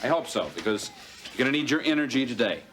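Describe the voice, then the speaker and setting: A wry, calm teacher. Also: male voice, medium pitch, quick pace. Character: calm, wry male high school teacher. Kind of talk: sitcom acting. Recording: sitcom track with loud hiss.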